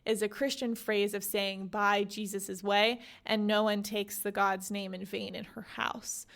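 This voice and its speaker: A young adult woman hosting a book podcast, summarizing a memoir in a chatty, animated way full of "like" and "you know". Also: mid-range voice, a little slow, creaky. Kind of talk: casual book summary with read-aloud excerpts.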